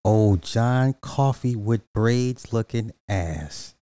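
A man on a livestream, talking loosely and joking as he roasts the people in his chat. His voice sits low and his delivery is slow. The sound is mellow and dry. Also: no room sound.

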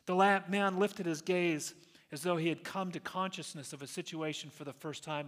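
A male pastor preaching a sermon in an earnest storytelling way, slowing down to stress key phrases. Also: fairly high pitch, fairly even intonation, fairly bright tone. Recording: long reverb of a large hall.

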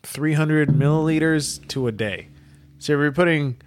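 A man's voice: a little high, normal speed. A man co-hosting a casual podcast, reading encyclopedia text aloud and riffing on it with lots of swearing. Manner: reads aloud then riffs with heavy swearing. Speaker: podcast co-host reading wiki entries.

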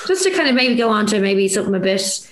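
A woman's voice: medium pitch, very animated, fast talker. A woman hosting a chat, encouraging and a bit hesitant. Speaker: podcast host. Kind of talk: casual interview chat. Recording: roomy echo.

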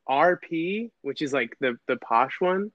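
A man's voice: on the high side, expressive, a little slow, dry recording, dull audio. A man hosting a casual podcast chat, playful and jokey. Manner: playful, jokey, slips into put-on accents. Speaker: podcast host.

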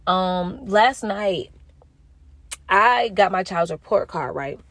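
A woman's voice: takes it slowly, dry recording. Earnest woman preaching to her viewers. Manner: earnest, preachy, talks straight to the audience; expressive, jumps into high pitch when quoting herself. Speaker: mother sharing a spiritual message. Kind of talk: casual spoken testimony to viewers.

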